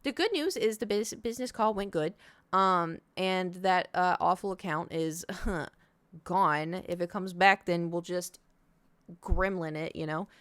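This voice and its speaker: A woman's voice: on the low side, measured pace, a bit bright, smooth, no room sound. A young adult woman streamer telling a rambling, self-interrupting story to her chat in a casual way. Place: home.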